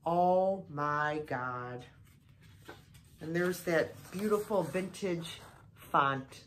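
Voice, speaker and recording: Very slow-talking gushing woman. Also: low-pitched, a little hiss or hum. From United States. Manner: gushing, exclaiming over each item. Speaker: thrift haul vlogger. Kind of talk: casual vlog chat.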